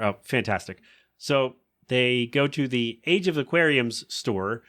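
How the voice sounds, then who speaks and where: A man's voice: mid-range voice, lively intonation, a little slow, fairly bright tone. A man hosting a podcast, chatting casually through an episode recap and breaking into funny voices for quoted lines. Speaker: podcast host.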